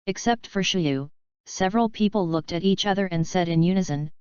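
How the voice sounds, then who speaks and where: A woman reading fan fiction aloud as an audiobook in a steady, even way. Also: on the low side, a little fast, smooth, no room sound. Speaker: audiobook reader. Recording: slightly dull lo-fi recording.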